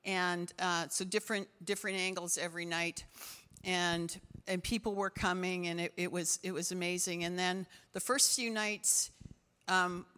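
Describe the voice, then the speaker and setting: A woman pastor preaching through a string of testimony stories, with a bright, forceful voice. She restarts her sentences often and leaps up in pitch when she gets excited. Her voice rings with the long reverb of a big hall. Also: normal speed, clear, resonant tone. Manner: animated testimony, voice jumps high with excitement, frequent restarts. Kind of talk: sermon storytelling.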